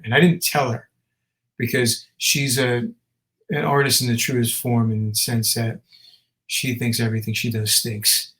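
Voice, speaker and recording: A man chats as a musician guest in a casual interview. He tells his stories animatedly and in a rambling way, full of fillers and restarts, with a mid-pitched voice. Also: little pitch movement, unhurried, pushed and bright, rough recording.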